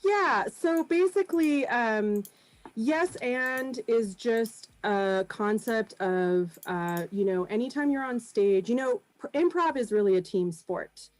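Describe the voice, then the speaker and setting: A woman who is an improv performer and business founder guests on a video-call podcast, speaking thoughtfully in casual chat with frequent ums and light laughs. Her voice is on the high side, animated, and slow, and the recording is rough.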